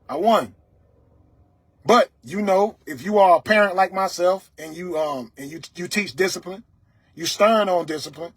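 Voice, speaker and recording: A man lectures his livestream audience in a loud, stern, preaching voice and keeps checking in with "you understand me?" His voice sits high for a man and has a husky grain. The sound is close and dry, with no room echo. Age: adult, father of several children. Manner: dialect grammar, repeated "you understand me?". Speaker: livestream host. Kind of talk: motivational talk to viewers.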